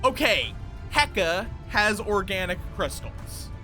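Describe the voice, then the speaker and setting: A man's voice: sits high, expressive, slow, bright, forceful tone, soft background music. A man casually commenting on his live game stream, chatty and thinking aloud, greeting viewers as he builds.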